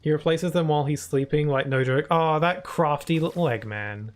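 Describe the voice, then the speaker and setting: A man's voice: fairly high pitch, moderate pace, faint music behind. A man chatting casually while live-streaming a game, rambling on with many fillers at a desk microphone.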